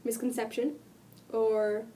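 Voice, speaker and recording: A woman vlogging while sick, her voice cracking and dropping out, talking earnestly and rambling with many pauses. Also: fairly high pitch, little pitch movement, mellow, recorded from a distance, a little hiss or hum. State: sick, voice cutting in and out. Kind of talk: casual talk to camera.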